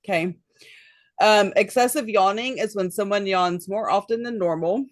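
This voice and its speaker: A woman co-hosting a podcast, chatty and quick to laugh, her thoughts sometimes trailing off. Her pitch sits in the middle of the usual range. The sound is dry, with no room around it. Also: no room sound. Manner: chatty, laughs often, trails off mid-sentence. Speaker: podcast co-host. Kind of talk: casual chat.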